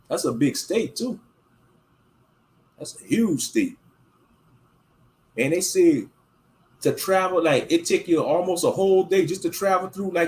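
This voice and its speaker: Laid-back man, rambling talk. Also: high voice. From Louisiana, US South. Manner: relaxed, drawling, repeats phrases, laughs often. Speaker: commentator. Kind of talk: casual rambling monologue.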